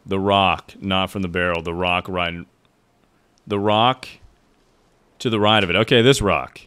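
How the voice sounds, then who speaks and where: A young man with a deep, low voice talks through a hard climbing game on a live stream. He chats easily with viewers, curses a lot, and now and then yells out in frustration. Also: fairly even intonation, unhurried, clean tone, no echo. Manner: chatty, swears, breaks into loud frustrated outbursts. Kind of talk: casual live gameplay commentary.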